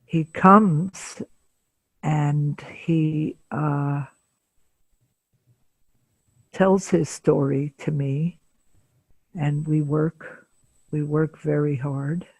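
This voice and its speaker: A woman in her seventies, a psychotherapist, telling a case story slowly and deliberately in an interview, with frequent pauses. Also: low-pitched, steady tone, dry recording. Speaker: psychotherapist guest.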